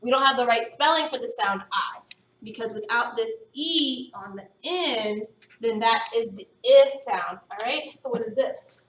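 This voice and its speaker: A woman teaching a phonics lesson to young students, patient and encouraging, sounding words out slowly. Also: on the high side, fairly bright tone, a little hiss or hum. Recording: echoey room, voice from a distance.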